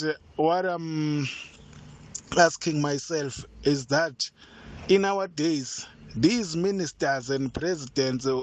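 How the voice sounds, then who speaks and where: Man, listener voice note, slightly high, indignant, rhetorical.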